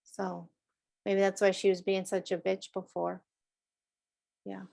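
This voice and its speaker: A woman's voice: mid-range voice, completely flat delivery, a little slow, gravelly, dark tone. A middle-aged woman hosting a show about animal messages, talking casually, laughing often and slipping into playful voices. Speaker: animal communicator host. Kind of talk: casual chat.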